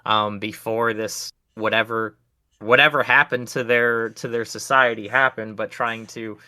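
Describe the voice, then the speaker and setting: A man rambles easygoingly through a game review on a podcast, full of fillers and restarts. His voice is bright and forward, recorded dry and close. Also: fairly low pitch, steady tone, measured pace, no room sound. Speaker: podcast co-host. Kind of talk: casual game review chat.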